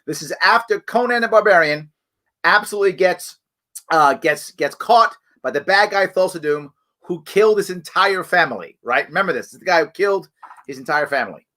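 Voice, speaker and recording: A man's voice: high voice, expressive, a little fast, pushed and bright. A middle-aged man hosting a live online show, talking in an emphatic, conversational way and often checking in with "right?". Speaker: show host.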